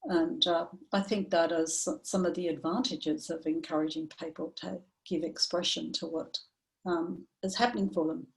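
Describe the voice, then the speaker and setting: A woman therapist speaking in an online training session, telling a client story in a measured, reflective way with frequent ums and uhs. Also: fairly low pitch, steady tone, vocal fry, low-quality recording. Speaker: somatic therapist presenting to professionals.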